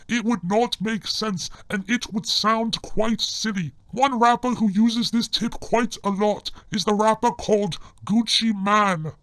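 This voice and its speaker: A man giving scripted comedic narration in a formal, deadpan manner. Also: high voice, dry recording.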